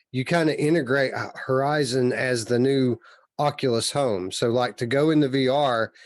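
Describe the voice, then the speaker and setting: A man's voice: mid-range voice, dry recording. Opinionated man co-hosting a podcast. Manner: opinionated, explains at length. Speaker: podcast co-host. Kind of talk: casual chat.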